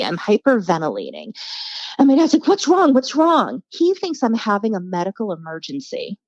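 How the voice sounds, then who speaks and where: A woman's voice: medium pitch, dry recording, dull audio. A woman telling stories as a podcast guest in casual chat, acting out the voices of people she quotes. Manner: animated storyteller, acts out quoted voices.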